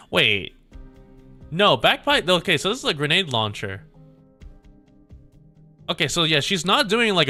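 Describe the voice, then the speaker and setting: A young man reading a game story aloud on a stream and breaking off into playful, quick asides. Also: medium pitch, pushed and bright.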